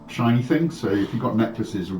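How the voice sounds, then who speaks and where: A man's voice: mid-range voice, animated, normal speed, mellow, a little hiss or hum. A man at a game table telling anecdotes casually, with hesitant starts. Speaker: player. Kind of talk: casual storytelling. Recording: roomy distant mic with music.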